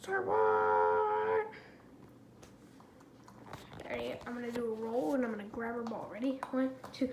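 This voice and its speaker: Unhurried and leaving long pauses, a woman with a fairly high voice teases her dogs while filming a vlog at home. The off-the-cuff chatter is captured in a noisy home video recording.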